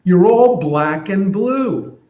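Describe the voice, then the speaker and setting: A man voices an outraged, protective friend who scolds and insists, using a voice much higher and louder than his own. He is expressive and takes it slowly, and the room has a noticeable echo.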